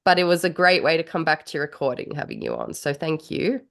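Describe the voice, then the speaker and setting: A woman's voice: sits low, huge pitch swings, brisk, creaky. A woman co-hosting a casual podcast, nasal from a recent illness, laid-back and swearing casually. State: nasal from a cold. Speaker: podcast co-host.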